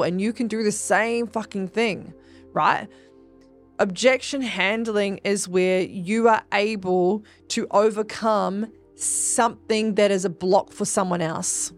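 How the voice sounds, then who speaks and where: A woman of middling pitch talks straight to her listeners in a casual, emphatic podcast monologue, dropping swear words as she coaches. Faint music plays softly underneath her voice. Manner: chatty and emphatic, swears freely, addresses listeners as guys. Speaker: podcast host and spiritual business coach.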